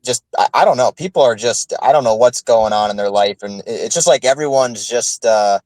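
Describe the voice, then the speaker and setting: Rambling man, halting with fillers. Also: mid-range voice, a little mellow, dry recording, poor audio. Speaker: podcast co-host. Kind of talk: casual chat.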